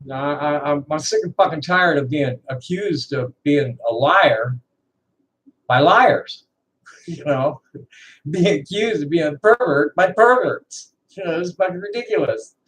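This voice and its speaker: A trans woman in her sixties ranting to camera in a profane, defiant, bitter way, halting and repeating words with laughing asides. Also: low-pitched, expressive, poor audio. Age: 60s. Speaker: vlogger. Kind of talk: unscripted rant to camera.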